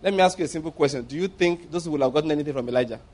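His voice is fairly high with a darkish tone, and he speaks rapid-fire. Preaching as a pastor, he's emphatic, repeating phrases and peppering listeners with rhetorical questions.

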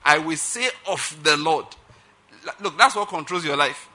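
A man's voice: a little high, expressive, moderate pace, bright, forceful tone. A middle-aged man preaching a sermon emphatically, often checking that listeners follow his point. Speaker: pastor.

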